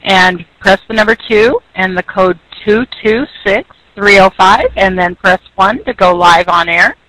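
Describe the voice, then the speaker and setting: A radio host running a call-in interview, announcing details briskly. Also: medium pitch, pushed and bright, no echo, low-quality recording.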